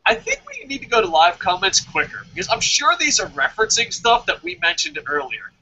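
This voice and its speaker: A man hosting a casual wrestling review podcast, excitable and slightly tipsy, often acting out quoted voices. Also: extremely high pitch, brisk, a little hiss or hum. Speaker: podcast host. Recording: dull lo-fi sound.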